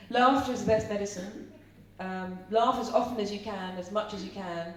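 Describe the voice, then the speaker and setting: This live seminar features a middle-aged Irish woman speaking at a moderate pace with hardly any pauses in a mid-range voice. She is chatty, tells stories and questions the audience. A faint hum and roomy echo come through, as she stands far from the mic.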